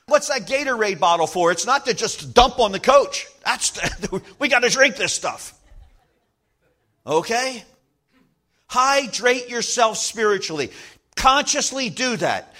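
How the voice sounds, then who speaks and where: A man preaching a sermon as pastor, emphatic, slowing down to stress key lines and acting out little everyday scenes. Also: high voice, sharp tone.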